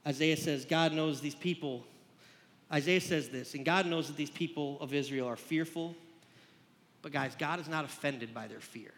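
A man's voice: a little high, moderate pace, a bit bright, big-room sound. A man preaching a sermon as a pastor, earnest and conversational as he talks the congregation through scripture.

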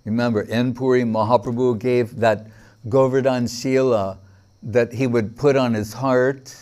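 A man's voice: medium pitch, fairly even intonation, measured pace, a little mellow. A man giving a devotional lecture, telling stories with quoted dialogue and frequent fillers. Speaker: spiritual teacher.

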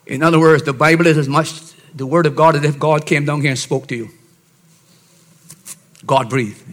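A male pastor preaching a sermon with emphasis, dropping to soft asides and rising to shouted points, often asking his listeners "See?". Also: on the high side, steady tone, quick pace. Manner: keeps checking on listeners with "See?".

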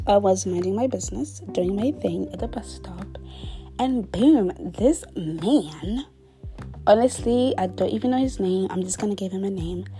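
Mellow-voiced chatty young woman storyteller. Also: medium pitch. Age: 20s. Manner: chatty, dramatic storyteller with whispered asides. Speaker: vlogger. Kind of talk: casual storytime monologue.

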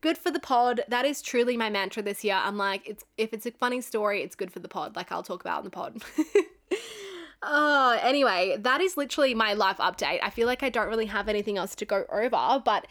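A young Australian woman in her twenties hosts a podcast, telling a story in a chatty monologue while swearing freely and laughing a lot. Her medium-pitched voice is animated, fairly quick, and a bit bright.

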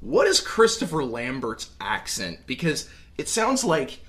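A man's voice: mid-range voice, wildly swooping pitch, unhurried, fairly bright tone. A man co-hosting a casual movie discussion, talking in a rambling way with lots of fillers. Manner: rambling, filler-heavy, enthusiastic. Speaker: podcast co-host.

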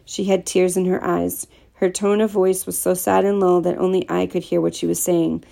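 A woman narrating a first-person story aloud in a steady, plain storytelling manner. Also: fairly low pitch, normal speed, creaky. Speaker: audiobook narrator.

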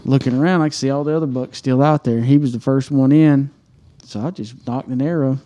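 A man's voice: mid-range voice, steady tone, a little fast, warm tone, lo-fi sound. A man on a podcast, telling a hunting story casually, swearing and acting out his own reactions. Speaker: podcast co-host.

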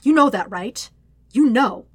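A woman's voice: fairly high pitch, expressive, unhurried, slightly rough, no echo, pitched above the performer's own voice. A woman voicing a bitter young man who speaks coldly and cruelly in a hiss. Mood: cold anger. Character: cold, furious young man with a grudge. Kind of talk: audiobook reading.

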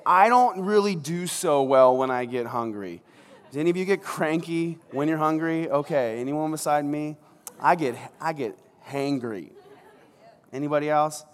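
A man preaching a sermon as pastor in a large church, joking and conversational, acting out scenes as he goes. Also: a little high. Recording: long reverb of a large hall.

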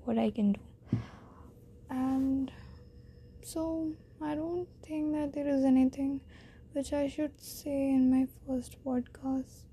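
This teen podcast host, a girl with an Indian accent, delivers a casual solo monologue shyly, putting herself down and rambling with frequent restarts. She has a high-pitched, warm voice with a steady tone, speaking slowly with long pauses.

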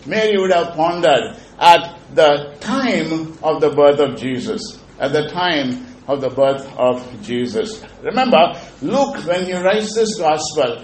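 An earnest male pastor delivering a sermon, repeating his key phrases for emphasis. His voice is fairly high. The room is echoey, with a faint hum behind him.

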